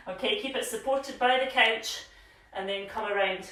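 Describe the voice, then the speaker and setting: A woman's voice: medium pitch, moderate pace, a bit bright. Echoey, encouraging woman fitness instructor. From Scotland. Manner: encouraging, chatty, cues movements with frequent "yeah?". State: slightly out of breath while exercising. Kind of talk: live home workout class instruction. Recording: very echoey room, voice from a distance.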